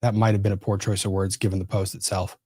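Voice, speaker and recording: A man's voice: deep voice, level tone, fast, warm tone, no echo, clean studio sound. A man hosting a casual legal commentary livestream, rambling and easily sidetracked. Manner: rambling, easily distracted, self-interrupting. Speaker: livestream host.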